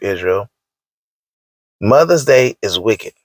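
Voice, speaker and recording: Here a man with a lowish, expressive voice rants online at a moderate pace, recorded without echo. The tone is preachy and scolding, the wording slangy, and he drives each point home through emphatic repetition.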